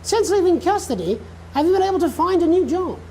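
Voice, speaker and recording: An actress playing a polite, earnest news anchor with a polished manner. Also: female voice, very high-pitched, animated, a little fast, dark tone, a little hiss or hum. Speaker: news presenter.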